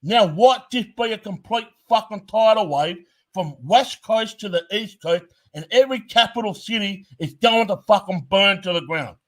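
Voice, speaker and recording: Male commentator, fairly high voice, blunt profane ranting delivery. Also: moderate pace. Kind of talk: heated commentary rant.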